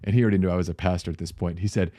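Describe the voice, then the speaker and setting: A man's voice: deep voice, rapid-fire, dry recording. Dry-sounding storytelling pastor man. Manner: animated storyteller, laughs mid-sentence. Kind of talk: casual storytelling vlog.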